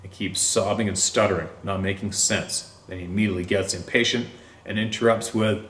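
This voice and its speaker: A man with a lowish voice reads a first-person story aloud. He takes it slowly and deliberately, drawing out his pauses. The sound is echoey, as though he is in a bare room. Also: steady tone, a bit bright. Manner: slow, deliberate reading with drawn-out pauses. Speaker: story narrator. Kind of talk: scripted narration of a first-person encounter story.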